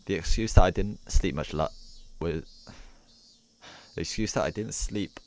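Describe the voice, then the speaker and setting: A man with a very low, deep voice reads a visual novel aloud on a live stream. He stumbles and restarts lines often, breaking off for asides. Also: moderate pace, darkish tone, a little hiss or hum.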